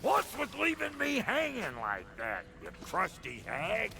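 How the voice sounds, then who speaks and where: An actor playing a crude, gruff male dwarf smith, with a rough, gravelly way of talking. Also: high voice, wildly swooping pitch, unhurried, sharp tone, heavily acted. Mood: brash. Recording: game audio, heard from afar, noisy backdrop.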